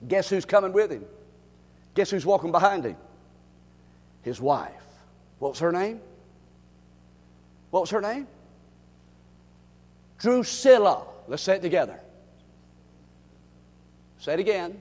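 High, animated preacher, shouting. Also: male voice, normal speed, pauses often. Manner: call-and-response, bursts into shouting. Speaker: preacher teaching Bible study. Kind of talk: animated sermon. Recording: long reverb in a large hall.

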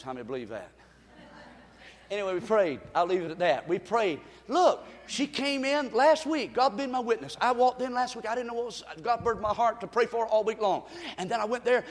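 A man preaching as a pastor, swinging from shouted exhortation to soft, hushed storytelling. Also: high-pitched. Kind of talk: sermon. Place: church sanctuary. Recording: long reverb of a large hall.

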